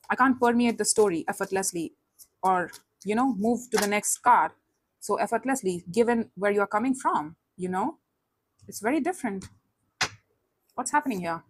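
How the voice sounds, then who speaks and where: A woman doing a tarot reading to camera, talking in a conversational way that keeps calling the listener honey and asking "right?" or "okay?". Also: medium pitch. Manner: conversational, calls listener honey, asks tag questions. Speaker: tarot reader.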